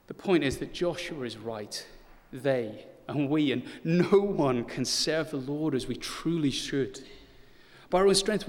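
Male preacher, 30s, fairly high voice, earnest with a wry streak; long echo of a church. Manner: earnest, rises to urgent emphasis, with light self-deprecating humor. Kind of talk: sermon. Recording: long hall reverb.

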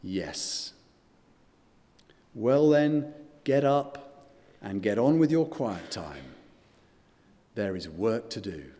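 A man's voice: fairly low pitch, very animated, very slow, long pauses, mellow, big-room sound, voice pushed down, exaggerated voice. A man voicing a droll old male preacher with an Australian accent, giving himself a dry pep talk.

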